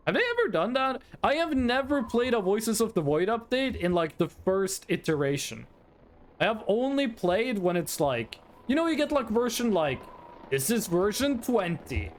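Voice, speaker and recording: A man's voice: high voice, very animated, moderate pace. A man from Norway, chatting casually with his stream chat in a playful, rambling, teasing way.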